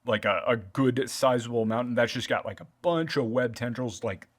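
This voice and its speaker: A man's voice: medium pitch, moderate pace. A man narrating as game master of a tabletop role-playing game, describing scenes loosely with lots of fillers and restarts.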